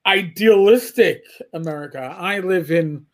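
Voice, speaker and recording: A man's voice: high voice, a little slow. A man from New York City in casual podcast chat, often stammering and repeating words as he starts sentences. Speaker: podcast panelist.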